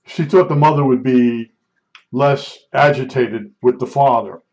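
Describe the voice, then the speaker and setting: A middle-aged man telling a rambling personal anecdote, excitable, restarting sentences and acting out the dialogue. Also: mid-range voice, measured pace. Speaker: storyteller recounting an incident. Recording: dull lo-fi recording.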